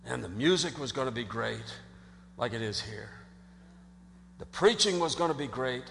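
A man preaching a sermon as pastor, in an animated conversational way, acting out quotes and often restarting his sentences. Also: medium pitch, normal speed, creaky, a little hiss or hum. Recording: long hall reverb.

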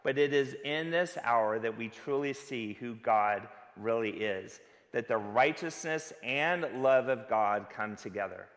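Speaking at a medium pitch with a slightly bright tone, this pastor delivers his sermon unhurriedly and with hardly any pauses. His manner is earnest and conversational, full of rhetorical questions for the congregation, heard in a church sanctuary with long hall reverb.

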